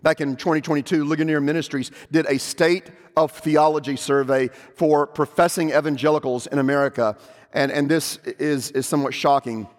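A man preaching a sermon from the pulpit, emphatic, rising to loud proclamation when he quotes scripture. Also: a little high, fairly even intonation, brisk. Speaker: pastor. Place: church sanctuary. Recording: long church reverb.

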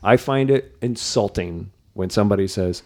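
A man's voice: fairly low pitch, normal speed, a little mellow. A male comedian in casual chat, blunt and self-deprecating.

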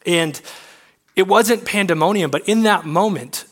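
A man in his thirties with a high voice preaches to young adults. He shares a personal story, speaking in an earnest, halting, and emotional way.

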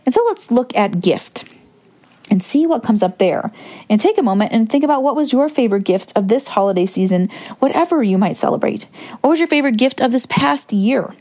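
A woman hosting a reflective solo podcast, talking in a gentle, musing way and wandering into asides. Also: on the high side, animated, fairly quick. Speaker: podcast host.

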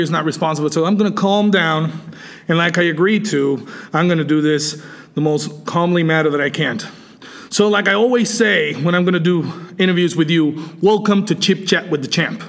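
A man's voice: high voice, fairly quick, fairly bright tone. A man, a wrestling champion, cutting an irate, taunting promo in a bar and grill.

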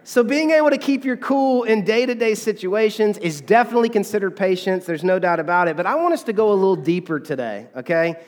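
A man's voice: high voice, lively intonation, quick pace, few pauses, in a large hall. A man preaching a sermon as pastor, in a conversational, chatty way, often checking in with the congregation. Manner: conversational, with frequent "okay?" and fillers.

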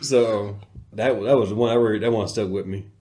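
A man's voice: fairly low pitch, a little fast. A man co-hosting a podcast, telling stories in casual chat and acting out the people he quotes. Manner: animated storyteller, quotes people in acted voices. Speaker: podcast co-host.

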